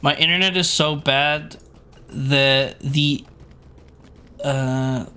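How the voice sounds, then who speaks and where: Brief: male game streamer, bright and forward voice, loose and chatty, keyboard clicks nearby. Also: fairly high pitch, steady tone, drawn-out words, clean tone. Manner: chatty, rambling, laughs easily. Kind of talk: casual gameplay commentary.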